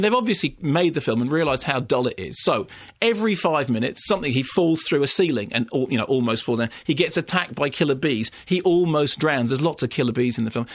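A man giving a sardonic, animated film review, with mocking asides pitched high. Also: fairly quick. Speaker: film critic.

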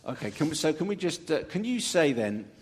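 Male radio host on a live stage, animated swooping delivery, theatrical reader of listener emails. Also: fairly high pitch, brisk, breathy edge. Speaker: radio presenter. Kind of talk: lively live radio chat before an audience. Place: stage before a live audience.

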